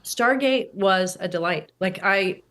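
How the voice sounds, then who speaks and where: Middle-aged actress, interview guest, loose and talkative, average pitch. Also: female voice, slow, a bit bright. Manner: chatty, lots of restarts and "like". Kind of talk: casual interview chat.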